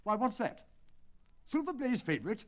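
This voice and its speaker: A man's voice: extremely high pitch, sing-song, normal speed, voice pushed up. A man reading a storybook aloud and voicing an indignant, agitated colonel who owns racehorses. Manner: agitated, raised indignant outbursts. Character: excitable indignant male horse-owning colonel. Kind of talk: dramatic audiobook reading.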